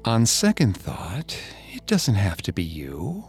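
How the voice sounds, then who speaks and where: A man voicing a chorus of menacing cliff spirits in a hushed whisper, over faint music. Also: lowish voice, huge pitch swings, slow, full character voice. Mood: coaxing whisper.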